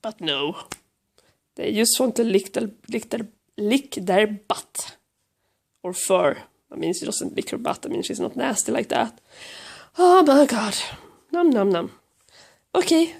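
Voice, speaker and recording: A hoarse woman with a Swedish accent, lying on her couch at home with a cold, chatting casually to the camera and baby-talking to her cat in a rambling, self-mocking way. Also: medium pitch, animated, a little slow. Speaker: vlogger filming her cat.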